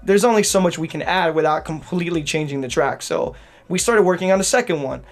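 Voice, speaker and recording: A man's voice: on the high side, fast talker. A man co-hosting a podcast, talking in a rambling casual way with lots of restarts and "right?" tags. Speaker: podcast co-host, DJ producer. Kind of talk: casual chat.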